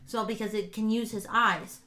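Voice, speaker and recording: Rambling, excited woman podcast co-host. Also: medium pitch, moderate pace. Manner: rambling, excited retelling with many fillers. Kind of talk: casual chat recapping a show.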